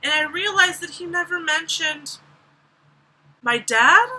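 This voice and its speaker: A young woman tells a story to her camera in casual, sarcastic chat, dropping "like" everywhere. Her voice sits high and rings very bright. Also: animated, unhurried, low-quality recording. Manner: chatty, sarcastic, lots of "like". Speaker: vlogger.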